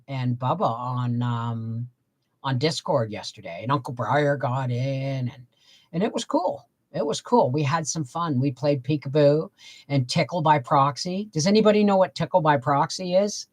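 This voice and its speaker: A woman's voice: sits low, expressive, normal speed. An older woman hosting a casual live stream, chatting and answering viewer comments as she reads them out. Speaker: homestead livestream host.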